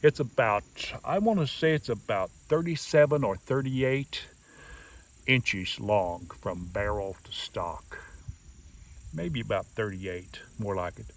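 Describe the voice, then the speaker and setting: An older man giving a casual, folksy show-and-tell review of a rifle, drawn-out and emphatic. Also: on the low side, creaky. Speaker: gun reviewer. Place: outdoors in the countryside. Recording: outdoor mic some distance off, faint crickets.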